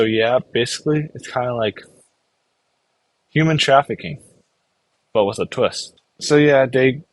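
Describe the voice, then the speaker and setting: A man's voice: on the low side, dry recording. A man casually recapping anime episodes in a rambling way, filling his talk with "like" and briefly acting out characters' lines. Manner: rambling, filler-heavy, full of "like". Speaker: anime reviewer.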